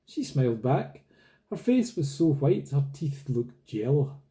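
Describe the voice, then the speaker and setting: A man reading a novel aloud in steady, plain storytelling. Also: medium pitch, measured pace. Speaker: reader.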